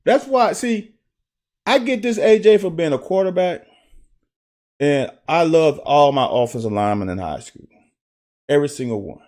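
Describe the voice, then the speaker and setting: Animated man breaking down football film. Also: fairly high pitch. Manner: animated storytelling, profane, quick laughs. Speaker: football analyst. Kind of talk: casual film-breakdown talk.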